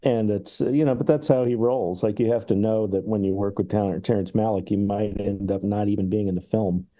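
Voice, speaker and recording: A man's voice: fairly low pitch, steady tone, fairly quick, warm tone. A man in casual film talk, rambling and laughing, acting out remembered sketches. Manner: rambling, laughs often, acts out quoted sketches. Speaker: podcast co-host discussing films.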